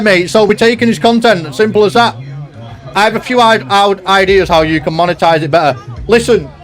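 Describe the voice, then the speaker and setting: A young man live-streaming from home, chatting loosely and reading out viewer comments. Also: high voice. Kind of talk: casual live-stream chat.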